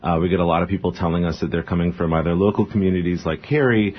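A man's voice: deep voice, steady tone, breathy edge. A man who owns a brewery, guest in a radio interview, talking earnestly with many "uh"s. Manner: fast, filler-heavy, earnest. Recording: dull lo-fi radio sound.

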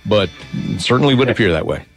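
A man's voice: on the low side, animated, no echo, faint music behind. A man hosting a morning radio show, reading the weather and bantering easily with a guest. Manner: easygoing, quick agreeing banter.

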